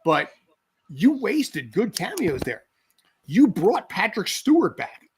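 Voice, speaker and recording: A man's voice: sits high, huge pitch swings, takes it slowly, a little hiss or hum. A man in his forties co-hosting a podcast, talking in a rambling, sarcastic way that keeps cutting itself off. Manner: rambling, self-interrupting, sarcastic. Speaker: podcast co-host. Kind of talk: casual chat.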